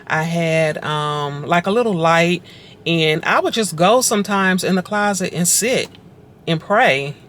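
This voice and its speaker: A woman's voice: on the low side, measured pace, fairly bright tone, a little hiss or hum. Earnest woman telling her faith story. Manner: earnest, conversational, reflective; repeats phrases for emphasis, fills with "like". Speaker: vlogger sharing her testimony.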